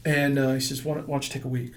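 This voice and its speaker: A middle-aged man, an entrepreneur guest, telling a rambling, animated story in a casual interview and acting out what people said. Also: medium pitch, very fast.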